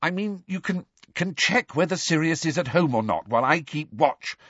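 Anxious clever schoolgirl done by a man, husky, lively, dull lo-fi sound. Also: fairly high pitch, normal speed, no echo, pitched above the performer's own voice. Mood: earnest. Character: clever anxious teenage schoolgirl, bossy planner.

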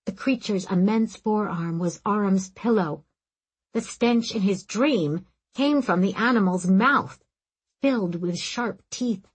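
A woman reading a fantasy novel aloud in calm, even scripted narration. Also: medium pitch, slow pace, husky, rough recording. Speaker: audiobook narrator.

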